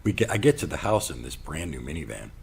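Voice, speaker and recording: A man's voice: extremely low pitch, fast talker, gravelly, a little hiss or hum. A man telling a personal story in a monologue, acting out quoted lines and sometimes dropping to a whisper. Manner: animated storyteller, acts out quotes, drops to a whisper. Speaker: podcast host.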